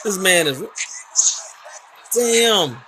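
A man hosting a gaming channel, giving loud, excitable commentary and trash talk while playing, with announcer-style hype. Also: sits high, extremely slow, slight background noise. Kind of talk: live gameplay commentary.

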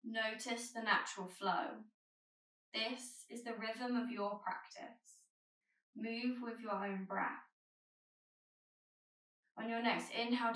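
A woman yoga teacher giving calm, gentle spoken cues through a guided flow. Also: on the high side, roomy sound, far from the mic, rough recording.

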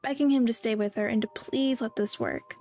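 A woman's voice: fairly high pitch, steady tone, fairly quick, mellow, slight background noise. A young woman narrating a horror comic story, breaking off for casual, slangy commentary. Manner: casual, chatty asides with slang. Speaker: YouTube narrator. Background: faint background music.

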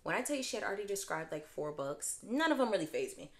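A young woman chatting casually as a book vlogger, gushing and expressive, with dramatic swings in pitch and volume. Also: quick pace. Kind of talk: casual chat.

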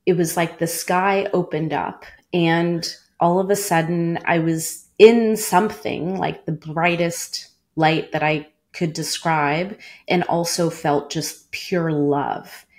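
A woman's voice: fairly low pitch, steady tone, slow, hardly any pauses, a little mellow. A woman in her forties, a former cancer doctor, earnestly telling a personal story in an interview, with many "like" fillers.

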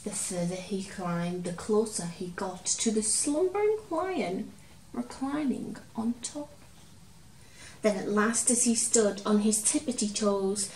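A woman reading a picture book aloud to children, expressive, dramatic and gentle. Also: mid-range voice, slow, slight background noise. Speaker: children's storyteller. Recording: roomy, distant from mic, faint ambience.

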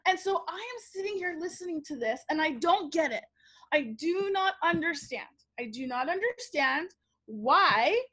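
A Canadian woman teacher telling a lively story in a workshop webinar, acting out quoted voices and checking in with "okay?". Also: high voice. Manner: animated, acts out quoted voices, frequent "like" and "okay?". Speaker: teacher giving a workshop talk. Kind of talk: storytelling presentation. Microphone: webinar microphone.

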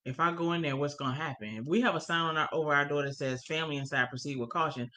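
A woman's voice: deep voice, fairly even intonation, rapid-fire, pushed and bright. A woman co-teaching a church family course. She reads passages from the course material aloud and then explains them, stressing the key points.

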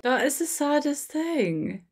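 A woman's voice: high voice, sing-song, slow. A woman hosting a movie reaction, talking to the screen and getting emotional. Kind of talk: casual reaction commentary. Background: film soundtrack music.

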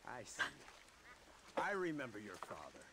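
Older menacing lawman for a game cutscene, slow and sneering. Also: lowish voice, huge pitch swings, heavy background noise. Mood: cool. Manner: scornful, threatening. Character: menacing older male lawman, cold and contemptuous. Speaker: game character. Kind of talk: video game cutscene acting.

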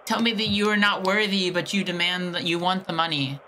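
A woman streamer mockingly taunting a scammer on a call, shifting between high teasing and low menacing tones. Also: steady tone, fairly quick, pushed and bright, a little hiss or hum. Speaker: scam baiter streamer.

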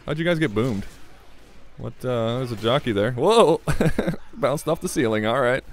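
A man's voice: mid-range voice, expressive, a little slow, slight background noise. A young man giving casual, rambling commentary over a game at his desk late at night, tired and giggly. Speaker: gaming commentator. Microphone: desk microphone.

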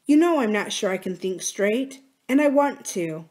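A woman reading aloud and voicing a wounded, scheming young woman who speaks slowly and softly to coax. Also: mid-range voice, lively intonation, close to an everyday voice. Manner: soft, slow, coaxing.

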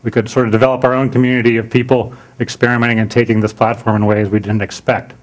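A man's voice: medium pitch, fast talker. Man giving a conference talk. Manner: relaxed, with frequent "uh" fillers and restarts. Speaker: conference speaker. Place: conference room.

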